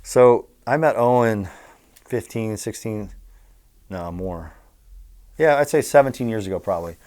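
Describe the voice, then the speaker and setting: A man's voice: fairly low pitch, unhurried. Blunt, profane middle-aged man. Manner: blunt, profane, animated storyteller. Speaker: interview guest, former bookmaker. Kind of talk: casual storytelling.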